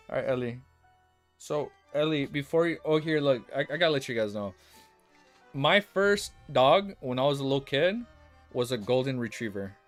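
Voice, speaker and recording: Playful young man streaming, faint music. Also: a little high. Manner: animated, playful, teasing with chat. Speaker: livestreamer. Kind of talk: casual livestream, reading a novel aloud and chatting.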